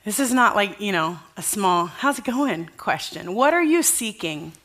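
A woman's voice: mid-range voice, big pitch swings, moderate pace, fairly bright tone. A woman pastor giving a conversational sermon at a church service, earnest and casual, asking the congregation questions.

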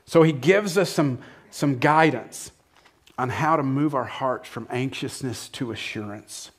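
A man preaching a sermon in a conversational way, asking the listeners questions and acting out lines with sudden shifts between loud and soft. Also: mid-range voice, unhurried, breathy edge. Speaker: pastor.

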